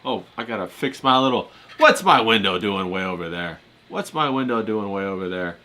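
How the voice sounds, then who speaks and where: A man's voice: lowish voice, lively intonation, moderate pace, bright, forceful tone. A man hosting a casual livestream chat, easygoing and full of fillers, laughing often. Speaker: host.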